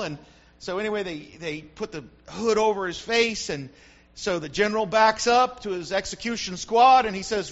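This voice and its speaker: A man's voice: high-pitched, moderate pace. A man preaching a sermon to his congregation, telling stories with animation and often calling out "Amen?" to the room. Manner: animated storytelling, frequent call-outs to the congregation. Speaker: pastor. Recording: dull lo-fi recording.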